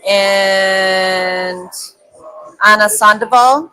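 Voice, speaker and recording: A woman's voice: mid-range voice, fairly even intonation, very slow, pushed and bright, low-quality recording. A woman co-hosting a live stream from a restaurant, reading out viewers' comments and adding short replies. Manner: reads viewer comments aloud, brief agreeing replies. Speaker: co-host. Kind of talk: casual live-stream chat.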